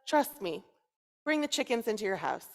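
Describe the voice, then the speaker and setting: Woman doing a calm, wise rabbi, slow and matter-of-fact, echoing hall. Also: medium pitch. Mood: knowing. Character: calm, knowing woman rabbi giving odd advice. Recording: long reverb in a large hall.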